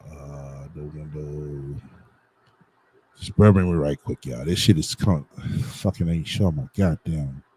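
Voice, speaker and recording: A man's voice: a bass voice, steady tone, unhurried, a little mellow, breathy edge, low-quality recording. A man, live-streaming and talking to his viewers while he fights with his setup, muttering, swearing and asking them to bear with him.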